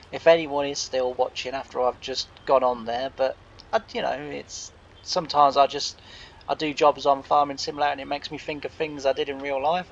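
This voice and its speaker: Gravelly man telling farm stories. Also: mid-range voice, highs cut off, a little hiss or hum. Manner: chatty, meandering, lots of reported speech. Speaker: farming game channel host. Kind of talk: rambling anecdotal storytelling.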